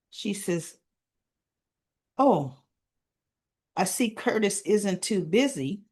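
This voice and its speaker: A woman hosting a casual soap opera recap, retelling scenes and dialogue with chatty asides. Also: medium pitch.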